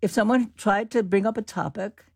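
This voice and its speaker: Casting: older woman, interview guest, gravelly voice, dry close sound. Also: medium pitch, moderate pace, no room sound. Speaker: linguist guest. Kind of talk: interview answers.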